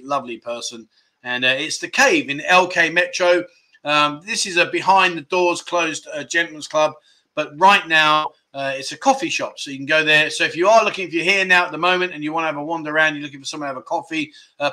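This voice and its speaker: A man's voice: a little high, fairly even intonation, a little fast, pushed and bright. A middle-aged man hosting a casual livestream, chatting loosely, laughing often and reading out viewer comments. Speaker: livestream host.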